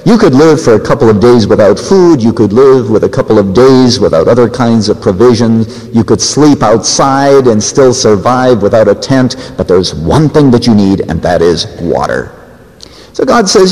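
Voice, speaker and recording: A man preaching a sermon, acting out quoted voices and swinging his pitch up and down for emphasis. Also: very animated, moderate pace, a little mellow. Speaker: pastor. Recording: reverberant hall.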